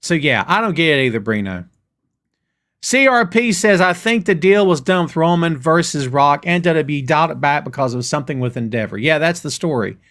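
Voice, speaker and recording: Animated man ranting on a live stream. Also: a little high, fairly quick. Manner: animated, ranting, addresses chat as "brother" and "dude". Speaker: host of a wrestling show. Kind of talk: live-stream rant reading chat comments.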